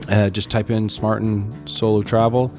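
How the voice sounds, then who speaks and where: A man's voice: fairly low pitch, moderate pace, soft background music. Laid-back male podcast host. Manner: relaxed, joking, swears casually. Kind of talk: casual podcast hosting.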